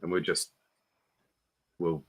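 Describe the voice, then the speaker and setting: A man's voice: sits low, little pitch movement, slow, slightly rough. A man hosting a casual Bible study livestream, curious and asking questions. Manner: curious, asks questions, reads out viewer comments. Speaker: host of a Bible study stream.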